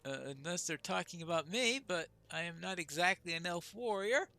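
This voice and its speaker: A man's voice: sits high, expressive, moderate pace, creaky, sharp tone. A man giving casual let's-play commentary, chatting wryly to himself as he plays. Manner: chatty, wry asides to himself. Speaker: gamer.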